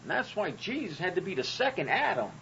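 A man putting on the voice of a preacher, in a high, mocking impression. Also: very animated, brisk, gravelly, a bit bright, muffled recording, a little hiss or hum, exaggerated voice. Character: excited man preacher explaining doctrine.

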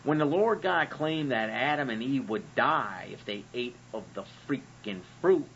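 A man's voice: medium pitch, expressive, measured pace, creaky, fairly bright tone, a little hiss or hum. Man, host, sarcastic profane monologue, dull audio. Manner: sarcastic and profane, uses rhetorical questions. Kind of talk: comedic monologue on religion.

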